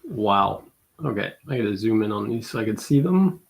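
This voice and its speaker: A man's voice: lowish voice, lively intonation, moderate pace, creaky. A man on a video call reading out game entries with mock-dramatic emphasis. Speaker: game show reader. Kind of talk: casual streamed chat, reading entries aloud.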